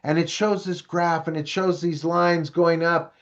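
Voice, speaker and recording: A middle-aged man gives a parent-education talk in a lively, conversational storytelling manner. His voice sits a little high for a man. The recording is dull and lo-fi. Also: a little slow. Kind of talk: storytelling presentation.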